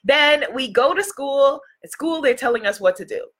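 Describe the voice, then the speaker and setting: A woman coaching viewers on a livestream, warm and encouraging, greeting them by name and repeating phrases for emphasis. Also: sits high, lively intonation, moderate pace. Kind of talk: live motivational coaching.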